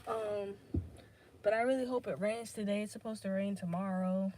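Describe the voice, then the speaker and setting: With a fairly high, warm and steady voice at a moderate pace, a woman rambles on her casual solo podcast, swearing freely and using many fillers as topics drift. There's a little hiss or hum in the audio.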